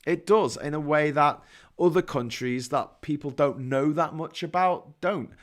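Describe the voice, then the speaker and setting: Rambling through stories with restarts and a bit of mild swearing, a Liverpool-accented English man hosts a casual monologue. His voice sits a little high and his delivery is unhurried.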